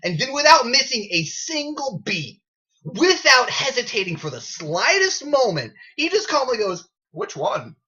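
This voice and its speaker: A man's voice: very high-pitched, big pitch swings, moderate pace, sharp tone, dull audio. A man telling an unscripted story in a casual, sarcastic way, swearing freely, recorded on a built-in camera mic. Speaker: gaming video creator.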